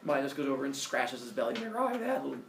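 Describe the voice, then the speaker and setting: A man casually retelling a myth with playful, animated delivery and silly character voices. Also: medium pitch, racing, gravelly. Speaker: storyteller. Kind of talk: casual oral storytelling. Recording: echoey room, mic from far off, faint noise.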